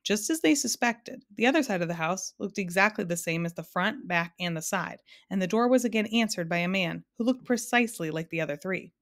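A woman reading a children's book aloud with lively, expressive narration. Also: medium pitch, a little fast, hardly any pauses. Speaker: storyteller.

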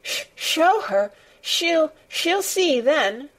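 A woman's voice: high voice, very animated, extremely slow, pitched above the performer's own voice, full character voice, rough recording. Woman doing a sobbing, hysterical little boy. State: sobbing, gasping. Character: sickly hysterical young boy.

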